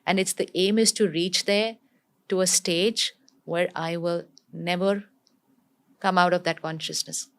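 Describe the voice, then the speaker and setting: Woman, lowish voice, calm and teacherly, says things twice to drive them home. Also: unhurried. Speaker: spiritual teacher. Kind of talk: explaining in an interview.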